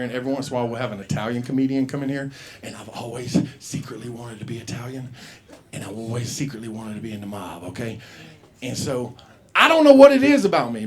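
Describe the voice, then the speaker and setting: A man's voice: mid-range voice, darkish tone. A man hosting an open mic and doing a loose stand-up set, cursing freely and acting out voices in his stories, on a handheld mic in a comedy club. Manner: profane, rambling, acts out voices in quoted bits. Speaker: comedy show host.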